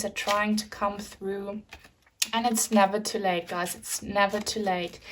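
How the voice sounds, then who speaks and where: A woman's voice: medium pitch, slight background noise. Chatty woman giving a tarot reading. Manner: chatty, addresses viewers as guys, frequent ums. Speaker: tarot reader. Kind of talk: pick-a-card tarot reading to camera.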